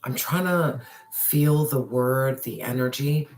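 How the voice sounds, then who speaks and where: A tarot reader speaks slowly in a mid-range voice, offering a viewer a heated, emphatic reading laced with slang and swearing. On some phrases she lowers her voice to a whisper.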